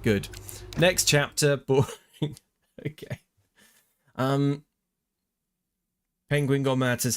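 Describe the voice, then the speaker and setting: A man's voice: medium pitch, fairly even intonation, takes it slowly, pauses often, clean tone. A man casually live-streaming a racing game, greeting chat and joking in a mock-grandiose way.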